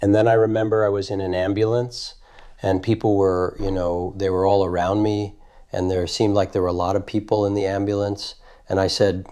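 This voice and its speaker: A man in his thirties giving grand jury testimony, recounting a night in halting detail and often repeating himself. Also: on the low side, warm tone. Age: 30s. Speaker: witness testifying. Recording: old archival audio.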